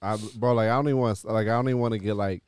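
A man with a low, smooth, clear voice talks in a casual podcast chat. He hesitates and restarts often, padding his words with fillers, and the sound is dry and close. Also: fairly even intonation, very fast, a little mellow, no room sound. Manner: hesitant, filler-heavy, starts with "yo".

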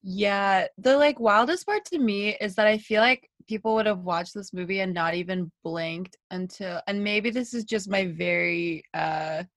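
A young woman hosts a casual chat, rambling and self-deprecating as she hunts for words. Her voice is at a middle pitch and recorded dry and close, with no room sound. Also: moderate pace, few pauses, a bit bright, no echo. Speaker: podcast host.

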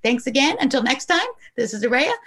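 A woman's voice: high-pitched, animated, brisk, fairly bright tone. Effusive woman podcast host. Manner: effusive, encouraging, emphatic. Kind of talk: upbeat interview wrap-up.

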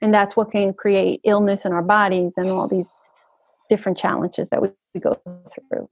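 A woman's voice: mid-range voice, flat delivery, moderate pace, highs cut off. A woman energy coach talking as a guest in an interview, flowing and earnest, often checking in with "right?". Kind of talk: conversational podcast interview.

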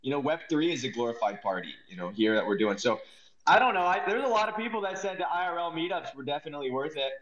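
A man's voice: on the high side, lively intonation, fast talker, fairly bright tone. A man chatting on a live audio stage, laid-back and joking. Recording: echoey, dull lo-fi mic.

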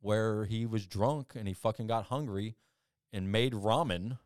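A man's voice: lowish voice, measured pace, a little mellow, smooth, no room sound, clean studio sound. A man, a podcast guest, telling rambling stories in casual talk, swearing often and acting out the people he quotes. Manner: profane, rambling, with restarts; acts out quoted people with big jumps in voice. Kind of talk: casual storytelling.

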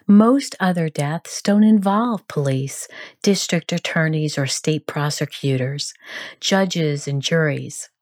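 A woman narrating a grief support guide in a calm, measured, gentle instructional manner. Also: on the low side, dry recording, studio quality.

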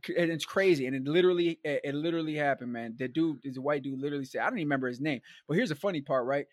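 Speaking rapid-fire in a clean, room-free studio recording, this male guest storyteller has a fairly high voice. His long tale wanders casually, packed with slang asides and fillers such as "like," "man" and "bro," delivered in an animated, rambling way.

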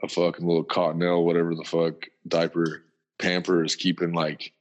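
Low-voiced man telling laid-back, slangy stories. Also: monotone, fairly quick, dull audio. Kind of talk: casual chat.

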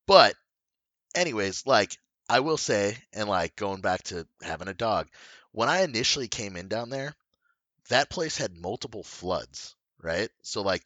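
A man's voice: lowish voice, bright, forceful tone, no room sound. A man telling a long story in casual chat, rambling with lots of fillers and swearing. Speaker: podcast co-host telling a story.

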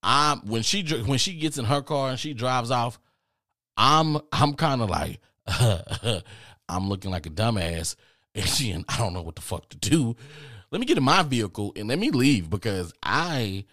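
Animated, profane male storyteller. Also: fairly low pitch, normal speed, no room sound, clean studio sound. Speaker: podcast host. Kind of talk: comedic storytelling.

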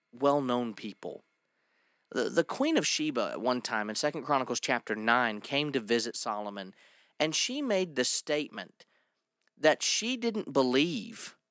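A man preaching a sermon, emphatic and drawing out key words slowly, reading scripture aloud between his points. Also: mid-range voice, a bit bright, no room sound, clean studio sound.

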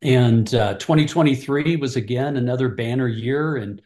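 A man's voice: medium pitch, normal speed, echoey room. Man, middle-aged, earnest storyteller, mid-range voice, interview chat. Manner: earnest, animated retelling of conversations with restarts. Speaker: ministry leader, mentor.

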